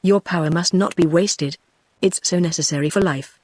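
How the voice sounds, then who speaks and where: A woman's voice: lowish voice, moderate pace, a little mellow, no echo, studio quality, close to an everyday voice. A synthetic female voice reading a plain older mother. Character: simple, proud older peasant mother.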